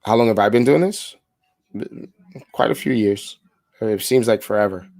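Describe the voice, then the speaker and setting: A man's voice: fairly low pitch, normal speed, gravelly, darkish tone, dry recording. A man in a casual, upbeat style making live sales phone calls and coaching the audience between them, often repeating words as he restarts.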